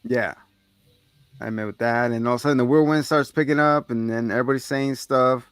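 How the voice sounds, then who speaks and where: A man's voice: mid-range voice, fairly even intonation, brisk, clean tone, no echo. A man hosting a podcast, casually recapping a movie scene by scene, swearing freely and acting out the characters' lines in a raised voice. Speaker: podcast co-host.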